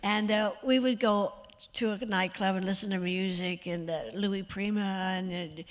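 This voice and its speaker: Chatty older woman with a slightly rough voice. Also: medium pitch, fairly even intonation, normal speed. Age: 80s. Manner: rambling, chatty, self-mocking. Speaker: guest of honor. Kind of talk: stage interview with anecdotes. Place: stage at an evening event.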